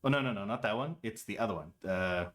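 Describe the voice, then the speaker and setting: A man's voice: fairly low pitch, fast talker. A man streaming from home, chatting casually and playfully with his viewers. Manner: playful, animated, quotes lines in different voices. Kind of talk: casual chat.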